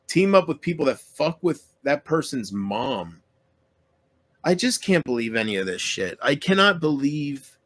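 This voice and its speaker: A man's voice: fairly high pitch, big pitch swings, a little slow, fairly bright tone. A man YouTuber in an emotional solo rant to his viewers, aggrieved and self-pitying, swearing often and trailing off mid-sentence.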